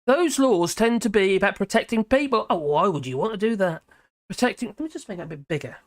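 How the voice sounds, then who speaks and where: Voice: mid-range voice, animated, quick pace. A live-stream host, chatting casually and reacting to viewer comments in a scattered, talkative way.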